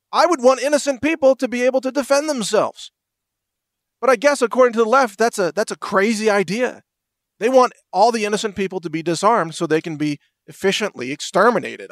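A man's voice: high-pitched, a bit bright, no echo, clean studio sound. Heated, indignant podcast man. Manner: heated, indignant, sarcastic rhetorical questions. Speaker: podcast host. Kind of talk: solo political commentary podcast.

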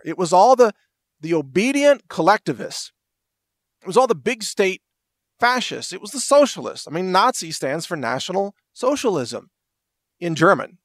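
A middle-aged man hosts his own podcast, pressing his points with indignant, sarcastic rhetorical questions. His voice sits a bit high for a man. The recording is close and dry, with no room sound. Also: fairly bright tone, no echo. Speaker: podcast host. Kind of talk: solo political commentary podcast.

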